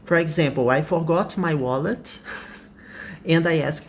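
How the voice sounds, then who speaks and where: A man with a fairly high voice, whose first language is Portuguese, teaches English at a measured pace, with a little hiss or hum on the recording. He explains patiently, repeats his examples, and laughs often in this slow, explanatory lesson.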